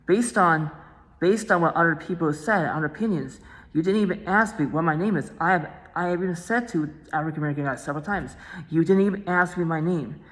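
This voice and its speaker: A woman's voice: on the low side, quick pace, long reverb tail, poor audio. A woman vlogger talking casually to the camera, repeating herself and restarting phrases, insistent and aggrieved.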